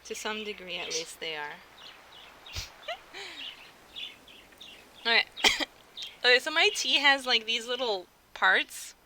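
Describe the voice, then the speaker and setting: A woman's voice: fairly high pitch, lively intonation, takes it slowly, long pauses. A young American woman streaming, chatting casually and giggling, often restarting her sentences. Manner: chatty, giggly, self-interrupting. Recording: clear background noise.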